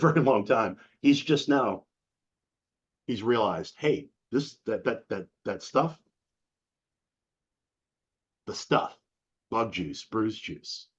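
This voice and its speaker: Husky middle-aged man telling a story. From Massachusetts. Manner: animated, acts out quoted voices with big pitch jumps. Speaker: interview guest. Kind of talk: casual storytelling. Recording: dull lo-fi sound.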